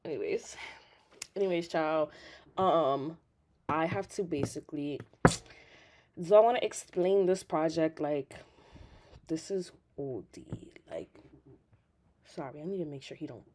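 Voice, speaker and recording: A woman's voice: deep voice, a little slow, long pauses. Giggly, nervous young woman streaming. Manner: excitable, laughs often, swears freely; swings between loud outbursts and quiet murmurs. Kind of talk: casual live-stream chat.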